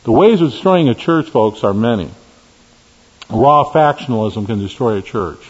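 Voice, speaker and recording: A man preaching a sermon, emphatic, swinging from stressed high peaks to low, quiet key words. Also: expressive, normal speed, breathy edge. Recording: lo-fi recording in a reverberant hall.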